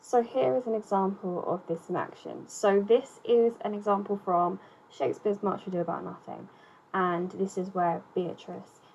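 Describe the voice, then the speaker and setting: Brief: young woman teaching, chatty and loose, fillers throughout, middle pitch. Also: fairly even intonation, normal speed, gravelly, darkish tone, muffled recording, a little hiss or hum. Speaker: poetry teacher. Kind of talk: casual explainer lesson.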